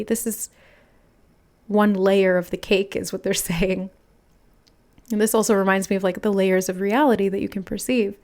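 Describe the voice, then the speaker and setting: A woman giving an intuitive tarot reading, musing aloud in a soft, channeling manner as she relays messages. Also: medium pitch. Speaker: tarot reader.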